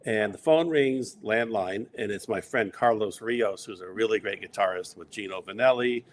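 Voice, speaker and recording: A middle-aged man telling long, rambling stories in a relaxed interview, acting out quoted lines along the way. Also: lowish voice, normal speed, slight background noise. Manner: rambling anecdotes with quoted asides. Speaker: interview guest. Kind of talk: casual storytelling.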